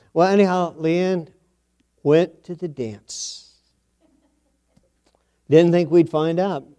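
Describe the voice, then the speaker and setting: A man's voice: fairly high pitch, fairly even intonation, extremely slow, long pauses, mellow, clean tone. A middle-aged man preaching a sermon, telling a homespun family story with a folksy, repetitive style. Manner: folksy storytelling, repeats phrases for emphasis.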